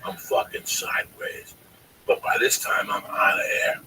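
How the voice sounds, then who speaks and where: A man telling a long, profane, animated story on a podcast, often calling his listener by name. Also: moderate pace, recorded from a distance, a little hiss or hum, poor audio. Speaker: storyteller guest.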